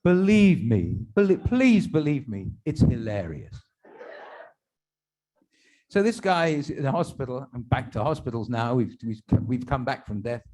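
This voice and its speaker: Very animated yet a little slow, a rabbi with a medium-pitched, slightly mellow voice tells jokes to his congregation stand-up style. He pads the punchlines with chatty asides at his own expense.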